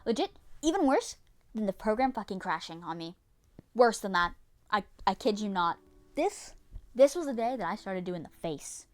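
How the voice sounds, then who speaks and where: Animated young woman vlogging. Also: mid-range voice, normal speed. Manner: animated, dramatic, swears often, repeats herself. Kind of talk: casual narrated vlog.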